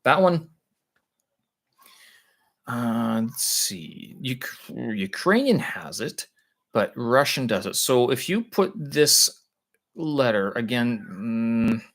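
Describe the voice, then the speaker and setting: A man on a live stream, thinking aloud with halting speech as he explains language points to his viewers. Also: mid-range voice, sing-song, a bit bright. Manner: halting, searching for words with many pauses.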